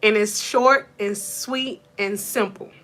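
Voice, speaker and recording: A woman's voice: medium pitch, slow pace, fairly bright tone. A woman in her thirties from North Georgia with a Georgia Southern accent, giving a motivational live-stream talk from her room. She greets viewers with sweet endearments and laughs often. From North Georgia, USA. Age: 30s. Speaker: motivational coach.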